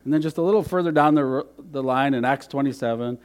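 A man preaching a sermon in an earnest way, repeating phrases and swinging between loud emphasis and hushed, quiet lines. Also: mid-range voice, quick pace, clean tone. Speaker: pastor.

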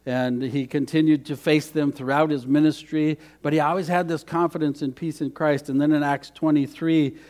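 Male pastor, slightly higher voice, earnest sermon delivery, swings loud to hushed. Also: fairly even intonation, moderate pace, hardly any pauses.

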